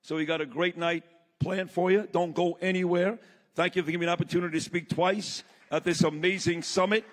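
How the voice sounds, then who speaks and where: This male summit speaker addresses a live crowd with a blunt, passionate story from the stage. He talks a little fast in a high-pitched voice whose intonation stays fairly even. A large hall's long reverb fills the recording.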